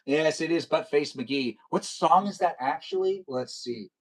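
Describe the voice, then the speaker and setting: A man live streaming a video game, chatting casually and rambling, talking fast, reading chat aloud and half-singing his username letter by letter. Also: fairly high pitch, expressive, low-quality recording.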